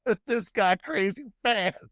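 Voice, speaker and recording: A man's voice: sits high, expressive, unhurried, fairly bright tone, no echo. A man at a tabletop game, chatting playfully and politely with the table. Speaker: player. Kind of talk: casual chat at a game table.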